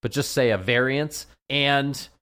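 A man's voice: mid-range voice, measured pace, a bit bright, smooth. A man, a veterinarian, chatting casually on a radio show, rambling and often repeating his words. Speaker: veterinarian guest.

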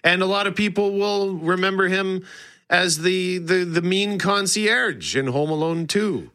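A man's voice: high voice, a little slow, bright, forceful tone, no room sound, studio quality. A male host chatting casually about pop culture, enthusiastic and rambling, often restarting his sentences. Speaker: show host. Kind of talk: casual entertainment talk.

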